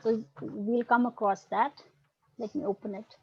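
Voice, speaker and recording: A woman's voice: on the high side, steady tone, measured pace, gravelly, a little hiss or hum. A woman teaching an online Buddhist philosophy class over a video call, explaining patiently and often checking in with "right?" and "okay". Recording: dull lo-fi video call audio.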